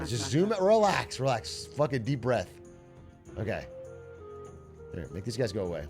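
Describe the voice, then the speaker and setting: With long pauses, a moderate pace, and a medium pitch, this very animated young man chats casually while streaming a strategy game. He jokes and swears, and when nerves hit he talks himself through them and repeats himself. Game music sits faintly in the background.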